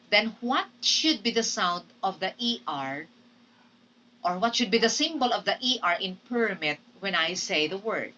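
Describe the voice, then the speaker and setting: A woman teaching English pronunciation in a recorded lesson. She speaks deliberately, models example words aloud and often checks in with "okay?". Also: medium pitch, sharp tone, distant mic, poor audio.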